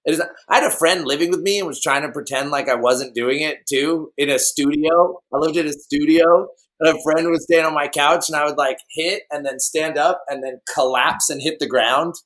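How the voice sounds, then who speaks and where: A man's voice: fairly high pitch, steady tone, a little fast, few pauses, fairly bright tone. A young adult man, a guest on a chat podcast, rambling through his stories and laughing at them as he goes. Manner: rambling storyteller who laughs at his own tales. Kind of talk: casual chat.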